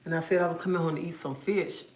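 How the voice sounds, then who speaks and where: A woman's voice: on the low side, steady tone, fast talker, slight background noise. A woman hosting a casual livestream from home, chatting and playfully scolding her viewers in a sassy, talkative way. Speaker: livestream host. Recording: roomy echo.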